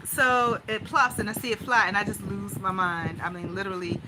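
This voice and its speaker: A woman's voice: medium pitch, steady tone, moderate pace, very noisy. A woman vlogger venting in a loose, rambling personal monologue, anxious and talking things through in run-on asides.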